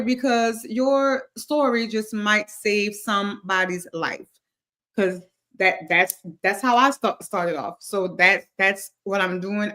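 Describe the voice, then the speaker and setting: A woman's voice: medium pitch, a bit bright. A woman who stutters, a guest and motivational speaker, talking earnestly and repeating words as she goes. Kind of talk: casual chat.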